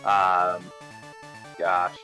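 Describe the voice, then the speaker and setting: A man's voice: sits low, completely flat delivery, very slow, sharp tone, soft background music, low-quality recording. A man, chatty and joking as a guest on a casual live stream, keen on sports talk. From New England. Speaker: guest co-host.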